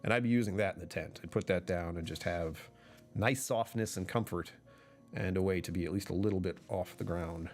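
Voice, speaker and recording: A man's voice: sits low, fairly quick, faint music behind. A man chatting casually on a livestream, rambling and correcting himself, often laughing mid-sentence.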